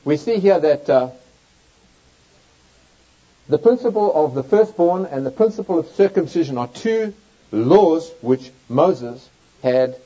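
A man preaches through a Bible passage, reading the old verses aloud with strong, rising emphasis. His voice sits fairly high and sounds mellow and warm. The recording is dull and lo-fi. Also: expressive, unhurried, pauses often. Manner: reads scripture aloud with emphatic, swooping delivery. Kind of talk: Bible teaching sermon. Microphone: overhead projector in use, lecture setting.

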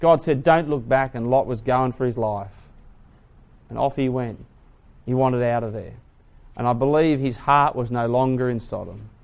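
A man preaching a sermon, retelling a story dramatically, swinging from hushed to loud. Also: mid-range voice, moderate pace, creaky, pauses often.

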